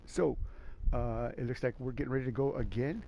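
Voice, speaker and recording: A man hosting a sim racing league stream, chatting casually and excitably in a rambling way, calling everyone man and dude. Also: mid-range voice, brisk, gravelly, highs cut off. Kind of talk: casual live-stream race commentary.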